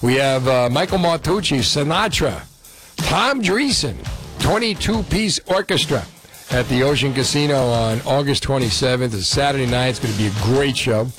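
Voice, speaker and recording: A man's voice: mid-range voice, expressive, moderate pace, music in the background. A middle-aged man with a New Jersey accent, a radio host telling stories in a casual, chatty way with many fillers.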